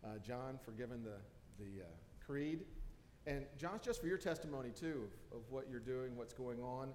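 A man's voice: medium pitch, animated, normal speed, a little mellow, in a large hall, slight background noise. A man preaching a casual, joking sermon in a church, with frequent fillers and restarts. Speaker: pastor. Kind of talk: conversational sermon. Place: church sanctuary.

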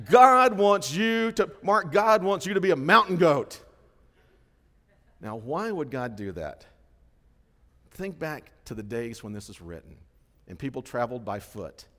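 Animated preacher man in a reverberant hall. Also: medium pitch. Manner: animated storytelling, acts out quoted voices. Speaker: pastor. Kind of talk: sermon.

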